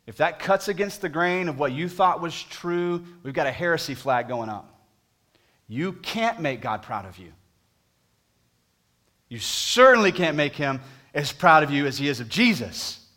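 A man preaching a sermon, pleading with the congregation, moving from booming emphasis to hushed appeals. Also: lively intonation, normal speed. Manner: talks to the congregation directly with questions. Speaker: pastor.

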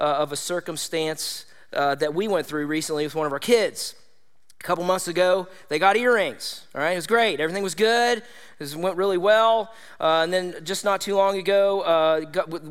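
A man preaching a sermon to his congregation, energetic and conversational, often checking in with his listeners. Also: high-pitched, big-room sound. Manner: energetic, conversational, with tag questions like "all right?". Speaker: pastor. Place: church hall.

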